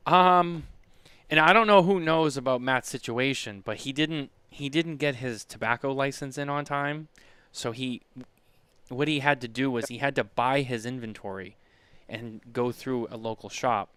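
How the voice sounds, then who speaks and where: Smooth-voiced man telling a rambling story. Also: medium pitch, moderate pace, bright, forceful tone, dry recording. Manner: rambling storyteller with many restarts. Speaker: podcast co-host. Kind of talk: casual chat.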